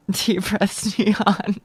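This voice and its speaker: A woman's voice: mid-range voice, little pitch movement, extremely slow, slightly rough, dry recording. A young woman streaming a game from home on a close mic, chatting casually with chat, self-deprecating, stammering and swearing.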